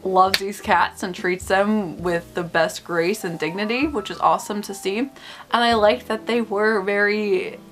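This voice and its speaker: A woman's voice: medium pitch, steady tone, unhurried, fairly bright tone, faint music behind. A woman hosting a casual film review vlog, opinionated and nitpicking, often laughing between points.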